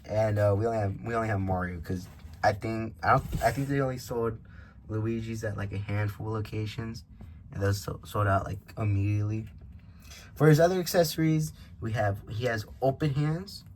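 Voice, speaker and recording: A man's voice: fairly low pitch, normal speed, darkish tone, a little hiss or hum. A man reviewing a toy figure in a casual vlog, rambling and interrupting himself with frequent asides. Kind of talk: casual unboxing vlog chat. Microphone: camera microphone.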